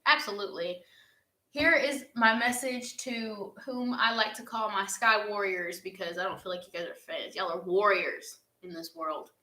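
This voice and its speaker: A woman's voice: medium pitch, steady tone, moderate pace, hardly any pauses, bright, forceful tone. A young woman answers fan questions in an earnest, heartfelt casual chat, with laughs along the way. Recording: echoey room.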